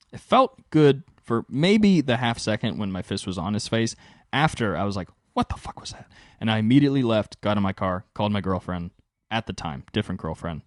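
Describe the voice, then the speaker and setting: A young man hosting his own podcast, telling a rambling story in casual, profane storytelling with sudden jumps in pitch for emphasis. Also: dry recording, clean studio sound. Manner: animated, swears freely, pitch jumps high for emphasis. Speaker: podcast host and stand-up comic.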